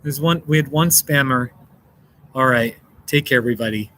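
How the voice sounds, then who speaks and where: A talkative American man runs a relaxed live stream, answering his chat as it scrolls by. His voice sits at an ordinary middle pitch, and he breaks into laughter easily between remarks. A faint hum of background noise lingers behind him. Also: moderate pace. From United States. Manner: chatty, reads out and answers chat, laughs often. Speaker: livestream host.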